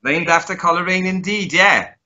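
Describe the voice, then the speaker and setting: A man co-hosting a casual podcast, delivering dry deadpan jokes between hesitant ums. His voice is fairly high and very bright and forceful, and the audio sounds slightly dull and muffled. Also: moderate pace. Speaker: co-host.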